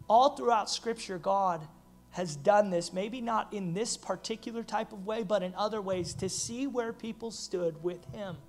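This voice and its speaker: A man preaching as a pastor, animated and building to loud, emphatic peaks. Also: high-pitched. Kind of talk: sermon.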